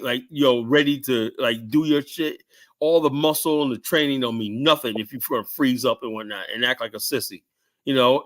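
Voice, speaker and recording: A middle-aged man telling stories in a casual podcast chat, rambling, tagging "right?" and "whatnot" onto his lines. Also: medium pitch. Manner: rambling storyteller, keeps adding "right?" and "whatnot", shouts out quoted lines. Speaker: guest telling security stories.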